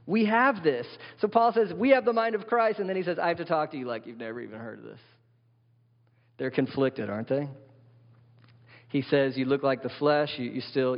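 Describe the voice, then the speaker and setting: A man preaches from the pulpit in an animated way and keeps putting questions to his listeners. His voice sits at an ordinary middle pitch. The sound is dull and lo-fi, and a long reverb trails through a large hall. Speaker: pastor. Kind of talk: sermon.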